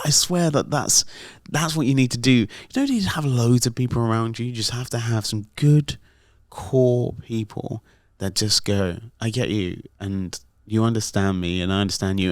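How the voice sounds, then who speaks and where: The studio-quality recording, free of echo, captures a medium-pitched middle-aged man hosting a podcast. He chats casually, spinning rambling tales stuffed with fillers.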